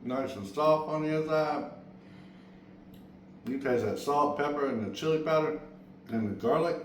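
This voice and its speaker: An excitable, folksy man hosts a home cooking video and talks right to his viewers. His mid-pitched voice rings around an echoey kitchen. The faint clatter of pots and dishes sits behind him. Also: slight background noise. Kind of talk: casual cooking demo and taste test.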